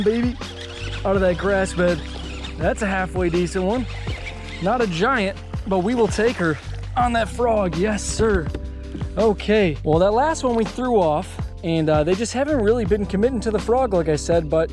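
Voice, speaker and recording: A man in his twenties chatting casually while fishing from a boat outdoors, getting excited whenever a fish bites. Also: high voice, moderate pace, over music. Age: 20s. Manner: excitable, chatty, exclaims at every catch. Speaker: fishing vlogger. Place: outdoors on a bass boat on a lake.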